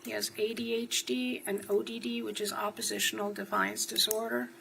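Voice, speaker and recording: Bright, gravelly woman testifying in court. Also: fairly high pitch, little pitch movement, moderate pace, a little hiss or hum, rough recording. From New Jersey. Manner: short answers, then rambling storytelling. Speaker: witness.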